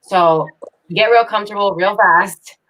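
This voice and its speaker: A woman actress chatting on a video call, animated and laughing often as she talks about her work. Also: medium pitch, a little slow, slight background noise, rough recording. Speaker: actress guest. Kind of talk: casual video call chat.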